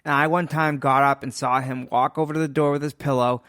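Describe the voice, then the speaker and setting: A man in his thirties co-hosting a podcast, giving short replies and quick anecdotes in casual chat. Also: mid-range voice, fairly even intonation, a bit bright, dry recording, studio quality. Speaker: podcast co-host.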